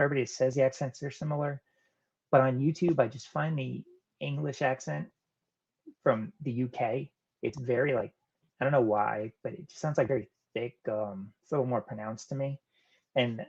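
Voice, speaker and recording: A man hosting a casual live stream, reading viewers' chat comments aloud and answering them in a relaxed, rambling way. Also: medium pitch, husky, highs cut off. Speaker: live-stream host of a reselling channel.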